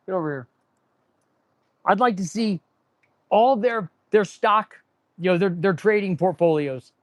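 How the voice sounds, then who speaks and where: A man's voice: sits high, no echo. A man who runs a repair shop, hosting a casual live stream. He rambles and rants sarcastically and restarts his sentences often. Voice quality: sarcastic, rambling, talks with his hands on tools. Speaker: auto mechanic and channel host. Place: auto repair shop, indoors.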